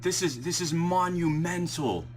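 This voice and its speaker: A young man recording a vlog, swinging from ecstatic shouting and laughter to quick, low explanations, shaky and breathless with excitement. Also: faint music behind. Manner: quiet muttered counting. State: shaking with excitement, heart racing. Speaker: shiny hunting video creator. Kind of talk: excited live reaction vlog.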